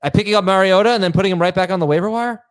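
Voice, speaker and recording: A man hosts a relaxed chat show and reads out listener mail, his voice sitting a little higher than most men's. He talks in quick, halting bursts, and the sound is close and dry with no room around it. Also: clean tone, dry recording. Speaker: podcast host reading listener emails. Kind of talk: casual chat.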